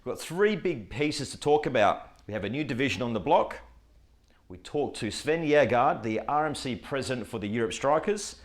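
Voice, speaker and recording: A man hosting a corporate show, with energetic, punchy announcer delivery. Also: medium pitch, moderate pace. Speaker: host. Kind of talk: upbeat corporate show presenting.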